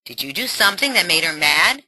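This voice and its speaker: A woman acting out a mother talking with her teenage daughter in a soft, soothing voice. Her tone is bright, and the sound is dry and close. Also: fairly low pitch, very animated, fairly quick, dry recording, full character voice, low-quality recording. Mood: questioning. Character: mother of a teenage girl, gentle.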